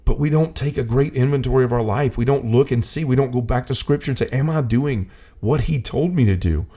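A man's voice: medium pitch, a little fast, warm tone. A man talking earnestly about faith in a casual discussion, full of "like" fillers, building to a preachy intensity.

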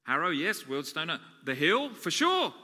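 Joking preacher. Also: male voice, fairly high pitch, very animated, moderate pace, long reverb tail. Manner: chatty, joking, swings between loud and soft. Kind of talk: sermon with jokes.

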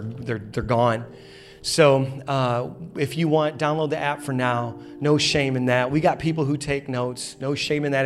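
A man in his thirties preaching a sermon in a church auditorium, telling a funny story with lots of energy and playful acted quotes. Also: mid-range voice. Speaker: pastor.

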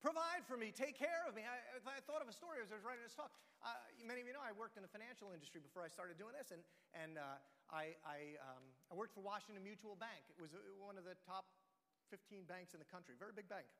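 A man preaching a sermon as pastor, telling stories in an animated way with self-deprecating asides. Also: sits high, quick pace. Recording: long hall reverb.

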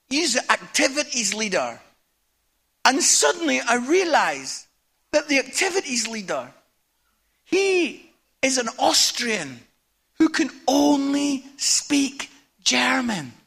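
A Scottish man preaching a sermon to a congregation, telling stories casually with tag questions and swinging between hushed and loud delivery. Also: high-pitched, husky. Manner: conversational storytelling, tag questions like "yeah?". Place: church hall with audience.

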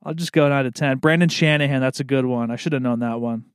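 In a recording studio, a young man from Maryland, USA, with an American East Coast accent hosts a solo podcast, rambling in a laid-back way and swearing freely. His medium-pitched voice is smooth and fast. The studio-quality recording is dry.

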